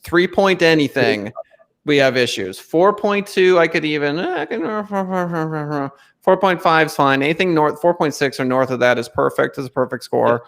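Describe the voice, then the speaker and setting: A man's voice: a little high, expressive, normal speed, a bit bright. Joking, blunt man hosting a podcast. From North Dakota. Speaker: podcast host. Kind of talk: casual podcast conversation.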